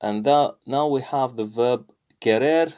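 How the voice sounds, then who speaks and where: Guy doing a language app lesson out loud, slow and halting, lots of ums, mid pitch. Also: clear, resonant tone. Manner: halting, thinks aloud with many fillers; repeats app phrases slowly. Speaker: language learner recording his lesson. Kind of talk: casual self-study commentary.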